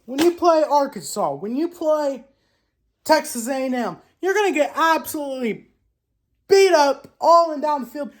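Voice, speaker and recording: Animated woman trash-talking sports teams. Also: sits high, normal speed. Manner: animated trash talk with exclamations and rhetorical questions; frequent restarts and self-corrections. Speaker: sports show host. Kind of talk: casual sports commentary vlog.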